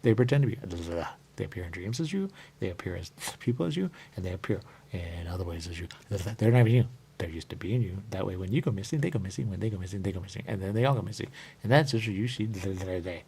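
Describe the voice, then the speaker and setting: A man's voice: sits low, animated, fast talker, vocal fry, darkish tone, slight background noise. A man hosting a talk show in a rambling, repetitive monologue, looping back on the same phrases and drifting into sing-song murmurs. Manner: rambling and repetitive, keeps saying "there you go". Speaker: radio show host.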